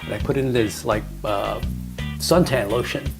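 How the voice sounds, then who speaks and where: A man spins a rambling comic anecdote in a loose, conversational way, laughing at his own lines and slipping into the voices of the people he meets. Guitar music plays clearly behind him the whole time. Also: medium pitch, moderate pace. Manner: animated, laughing storyteller, acts out voices. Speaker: comedian telling a story. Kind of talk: casual storytelling chat.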